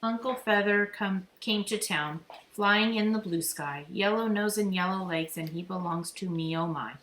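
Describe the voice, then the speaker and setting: A woman voicing an excitable little boy in a storybook reading, with an eager, insistent childish manner. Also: medium pitch, normal speed, close to an everyday voice. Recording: echoey room, faint noise.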